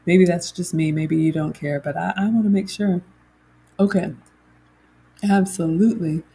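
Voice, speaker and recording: Husky, warm-voiced woman chatting. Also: lowish voice, steady tone, moderate pace. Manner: chatty, reading viewer comments aloud. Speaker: host. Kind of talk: casual livestream chat.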